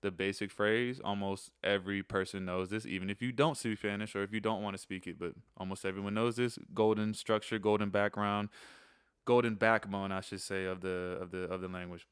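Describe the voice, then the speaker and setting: A man hosting a casual spoken lesson, relaxed, repeating key phrases slowly between chatty asides. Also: on the low side, clear, resonant tone, dry recording, clean studio sound. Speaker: channel host teaching phrases.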